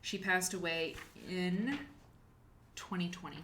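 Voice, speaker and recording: A woman's voice: lowish voice, slow, a bit bright, a little hiss or hum. A woman hosting a live quilting show, chatting casually and rambling while she thanks viewers by name. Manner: chatty, rambling, reads chat names aloud. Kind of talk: casual livestream chat.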